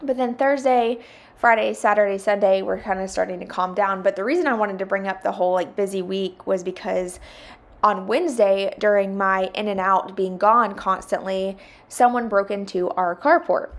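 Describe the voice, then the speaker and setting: A woman's voice: medium pitch, fairly even intonation, normal speed. A young woman, chatting casually in a home vlog while she cleans, laughing often and venting in exasperation. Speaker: vlogger.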